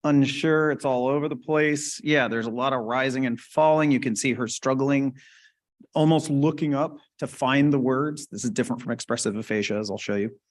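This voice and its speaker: A man's voice: mid-range voice, normal speed. A man giving a live lecture at a medical conference, explaining terms casually and checking in with the audience. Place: conference hall.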